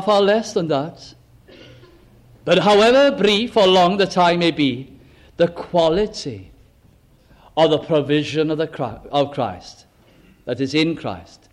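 A man preaching a sermon, working deliberately through rhetorical questions and drawn-out lists of words. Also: on the high side.

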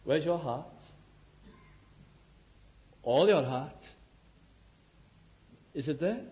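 High-voiced man preaching with rhetorical questions. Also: expressive, drawn-out words, long pauses. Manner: conversational, full of rhetorical questions, drops to a hush. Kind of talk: sermon.

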